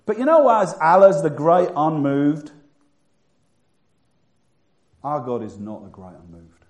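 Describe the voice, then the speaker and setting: A man preaching a sermon who moves from loud, emphatic bursts to hushed, quiet passages. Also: fairly high pitch, expressive, moderate pace, reverberant.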